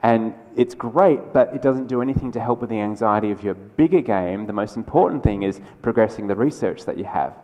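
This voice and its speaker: A man's voice: fairly low pitch, muffled recording. Man giving a keynote. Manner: conversational and energetic, with quick asides and restarts. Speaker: keynote speaker. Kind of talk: conference keynote talk. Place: large lecture hall. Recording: lecture hall with long reverb.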